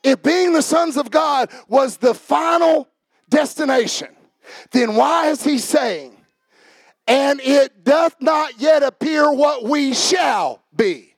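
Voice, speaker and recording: A man preaching a sermon as pastor, swinging from quiet joking asides to shouted preaching and calling out to the congregation. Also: extremely high pitch, animated, slow pace, dry recording. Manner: talks back and forth with the congregation. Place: church service.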